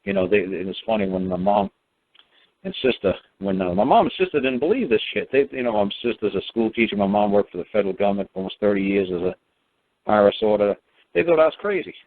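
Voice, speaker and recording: Brief: man calling in, low voice, rambling, swears freely, dry tinny phone line. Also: big pitch swings, quick pace, vocal fry. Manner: rambling and profane, many fillers and restarts. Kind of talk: casual spoken storytelling.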